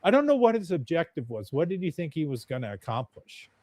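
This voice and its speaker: A man's voice: fairly high pitch, very animated, brisk, mellow, no room sound. A man telling a story as a podcast guest in a blunt, chatty, profane way. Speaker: podcast guest, UFO videographer. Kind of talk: casual storytelling.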